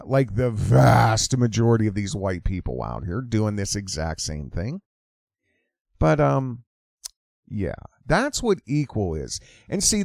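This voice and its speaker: A man's voice: medium pitch, no echo, studio quality. A man hosting a talk show, delivering an opinion monologue in a sarcastic, heated, opinionated way.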